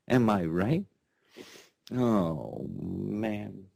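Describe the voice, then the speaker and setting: A man's voice: lowish voice, expressive, very slow, gravelly, warm tone, no room sound. A man hosting a sarcastic news commentary show, rambling and mocking, often repeating himself. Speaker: host.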